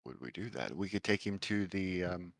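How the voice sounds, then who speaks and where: A man playing a tabletop game over an online call, thinking aloud with many pauses and laughs. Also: deep voice, expressive, gravelly, no echo, clean studio sound. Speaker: player. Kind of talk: casual game table chat.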